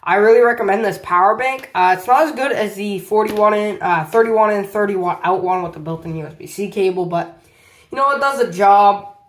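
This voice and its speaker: A man with a high-pitched, somewhat bright voice talks a little fast while casually reviewing a power bank on his channel. He rambles and repeats himself through the tests, returning again and again to "as you can see."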